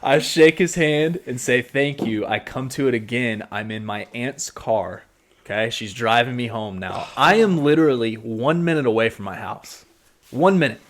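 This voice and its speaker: A man's voice: medium pitch, normal speed. A man co-hosting a podcast, telling a story casually and animatedly, swearing and acting out what he said. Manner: animated, swearing, acts out his own past lines. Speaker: podcast co-host.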